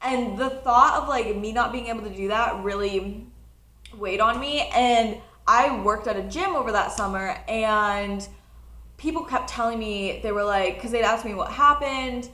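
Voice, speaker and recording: A nineteen-year-old woman telling a personal story in a casual vlog, chatty and animated, often laughing. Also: fairly high pitch, unhurried, echoey room. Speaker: college student vlogger.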